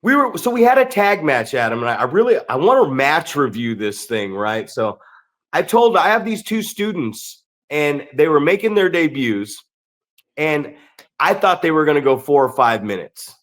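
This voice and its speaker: Animated, swearing male podcast host. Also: a little high, moderate pace. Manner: profane, animated storytelling. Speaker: podcast host and wrestling coach. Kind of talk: casual podcast chat.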